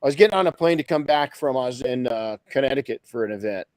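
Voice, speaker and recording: A man's voice: mid-range voice, animated, fast talker, a little mellow, no room sound, rough recording. A man hosting a podcast in casual chat, enthusiastic and often repeating his words. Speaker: podcast host.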